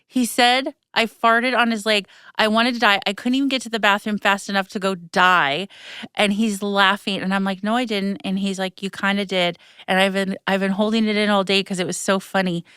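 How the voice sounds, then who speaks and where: A woman hosts a podcast in a relaxed, animated storytelling style, full of fillers and quick asides. Her voice is smooth and clear. The sound is dry and close. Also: mid-range voice, dry recording. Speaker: podcast host. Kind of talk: casual chat.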